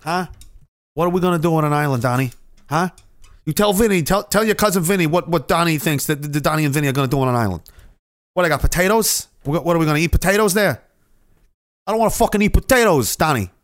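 A man's voice: on the high side, fast, close to an everyday voice. A man voicing a brash, hot-headed mobster-type guy who argues and swears as he rants. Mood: blustering. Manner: blustering, argumentative, swearing.

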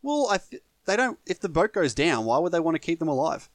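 An Australian man co-hosting a film podcast in a chatty, joking way. His pitch sits a bit high and swings a lot. The sound is dry and close. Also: sing-song, brisk, no room sound. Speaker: podcast co-host. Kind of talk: casual film review chat.

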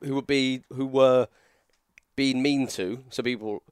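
A man tells a long story with many restarts and self-mocking asides. His voice sits at a middle pitch. The sound is dry and close. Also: steady tone, measured pace, clear, resonant tone, dry recording. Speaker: podcast co-host, former wrestler. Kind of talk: casual storytelling chat.

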